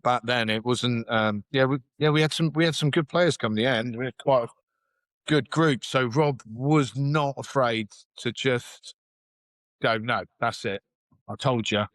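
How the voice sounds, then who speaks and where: A man's voice: mid-range voice, a little slow, no room sound, low-quality recording. Man, middle-aged, casual storytelling, blunt and sweary, dry close sound. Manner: candid, swears freely, acts out quotes. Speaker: podcast guest, former rugby hooker.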